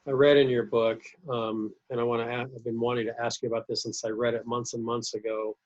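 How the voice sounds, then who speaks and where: A man's voice: medium pitch, level tone, quick pace. A man hosting a podcast, asking long, rambling questions and offering supportive responses. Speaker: podcast host. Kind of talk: conversational interview. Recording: dull, lo-fi sound.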